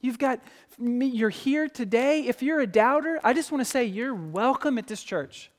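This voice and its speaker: A man preaching a sermon in a church, animated and acting out quoted voices. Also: very high-pitched, normal speed. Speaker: pastor. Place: church sanctuary. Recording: long hall reverb.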